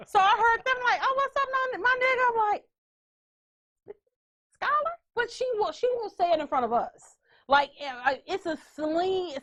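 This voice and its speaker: Animated high-voiced woman host. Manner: animated, loud storytelling with playful asides. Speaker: podcast host. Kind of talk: casual chat.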